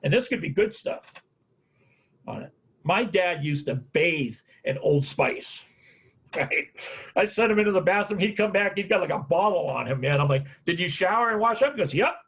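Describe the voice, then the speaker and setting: A man's voice: fairly high pitch, lively intonation, normal speed, creaky, husky. A middle-aged American man giving a folksy, anecdotal talk on caregiving and grief, often tagging his sentences with "man" and "on it.". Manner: folksy storyteller, repeats "man, on it". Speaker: caregiving speaker.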